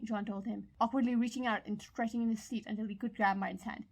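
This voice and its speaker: A woman narrating a fan fiction audiobook in a steady, measured reading. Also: medium pitch, creaky, low-quality recording.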